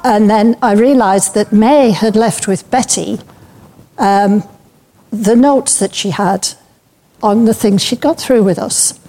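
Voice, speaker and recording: A woman speaking to a church group, loose and anecdotal, her sentences full of little fillers and easy laughs. Her voice is mellow and warm, sitting at an ordinary middle pitch for a woman. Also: slow. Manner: chatty and anecdotal, with frequent fillers and light laughs. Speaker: speaker at a church breakout session. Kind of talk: informal talk to a church group.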